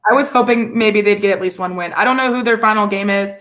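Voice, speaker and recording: A woman's voice: medium pitch, fast, a bit bright. A woman co-hosting a casual sports podcast, chatty and rambling with lots of fillers. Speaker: podcast co-host.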